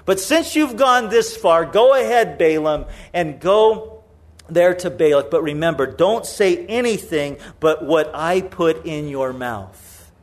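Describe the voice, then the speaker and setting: A man voicing God as a weary, exasperated male figure, low and resigned. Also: animated, slow.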